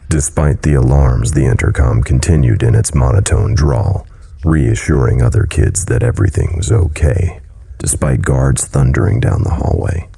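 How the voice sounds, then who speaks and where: Man, horror story narration, gravelly, husky, brooding. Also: extremely low pitch, moderate pace, dark tone.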